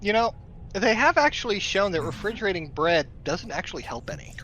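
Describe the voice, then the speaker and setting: A man's voice: high-pitched, very animated, fairly quick, pushed and bright, a little hiss or hum, rough recording. A man in casual chat, correcting others in a matter-of-fact way.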